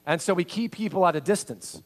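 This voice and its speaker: Pastor with big dynamic swings. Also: male voice, high-pitched, lively intonation, fairly quick. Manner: swings from loud acted quotes to hushed, intimate tones. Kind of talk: sermon.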